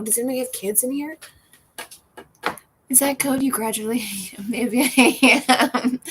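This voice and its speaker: A woman's voice: mid-range voice, a little hiss or hum, rough recording. Chatty woman hosting a casual livestream. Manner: rambling and chatty, laughs often. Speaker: livestream host reading viewer comments. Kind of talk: casual chat over a cocktail. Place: on her porch.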